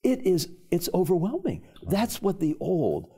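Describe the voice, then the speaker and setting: Male panelist, reflective storyteller, lively swooping pitch, raspy edge. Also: measured pace. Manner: thoughtful, builds to emotional emphasis.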